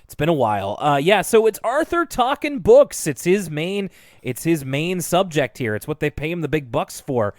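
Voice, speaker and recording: A man's voice: on the high side, big pitch swings, moderate pace, dry recording, clean studio sound. A man co-hosting a podcast, casually recapping a cartoon episode, rambling and laughing often. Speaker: podcast co-host.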